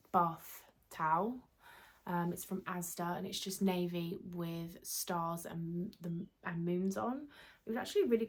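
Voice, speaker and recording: Young British woman chatting casually, lowish voice. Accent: British English. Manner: chatty, rambling, self-deprecating, light laughter. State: slightly losing her voice. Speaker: YouTuber. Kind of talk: casual vlog chat. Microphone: camera mic under a ring light.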